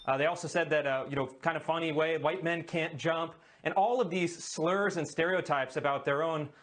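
A man speaking in a measured interview style, explaining with small hesitations. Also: on the high side, fairly even intonation, fairly bright tone. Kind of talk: calm interview talk.

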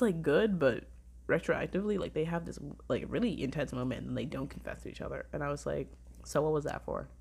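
Woman, low voice, casual review vlog, rambling, gushing, swears, filler-heavy. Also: a little mellow. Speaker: drama reviewer.

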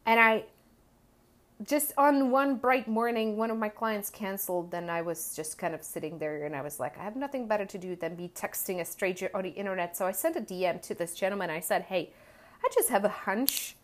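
A woman's voice: medium pitch, brisk. A woman, a coach and entrepreneur, candidly telling a rambling personal story and acting out what she and others said. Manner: candid, rambling, acts out her own quotes.

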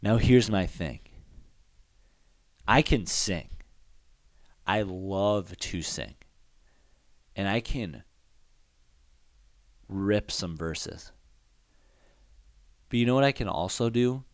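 A man's voice: on the low side, lively intonation, takes it slowly, long pauses, no echo. Profane rambling young man riffing. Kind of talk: casual comedic rant.

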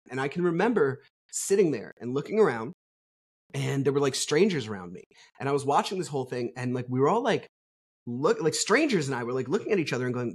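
With big swings in pitch around a medium register, this New Jersey man talks fast in a slightly rough voice. He's a middle-aged podcast guest in a casual storytelling interview, rambling candidly through his tale with plenty of fillers and a curse here and there.

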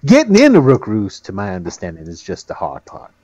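A man's voice: on the low side, wildly swooping pitch, fairly quick, warm tone, breathy edge, no echo. A man narrating as game master in a tabletop game, rambling with many fillers.

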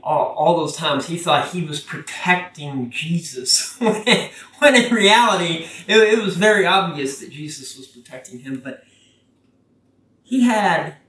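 A preacher giving a casual, conversational sermon that gets animated when quoting scripture. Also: mid-range voice. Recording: roomy, from a distance.

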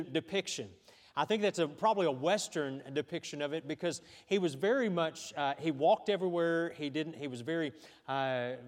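A man's voice: fairly high pitch, big-room sound. A man with a Texan accent preaching a sermon as pastor, talking conversationally with frequent fillers and restarts.

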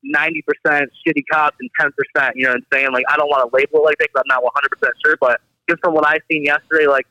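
A young man from the Detroit area, a guest on a casual podcast, telling animated stories packed with filler words. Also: fairly high pitch, racing, few pauses, dry recording. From Detroit area, Michigan. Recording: dull, slightly lo-fi dry audio.

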